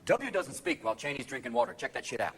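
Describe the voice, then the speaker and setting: A man performing a live stand-up set, firing off manic impressions and sudden shouts. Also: medium pitch, big pitch swings, quick pace. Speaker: stand-up comedian. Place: theater stage before a crowd. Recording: live audience laughter and noise.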